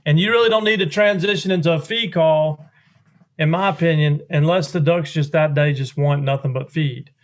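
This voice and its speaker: A man's voice: on the high side, moderate pace. Folksy man explaining duck calls. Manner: drawling, folksy, mimics duck sounds with his voice. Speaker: duck call maker demonstrating calls. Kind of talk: instructional explanation.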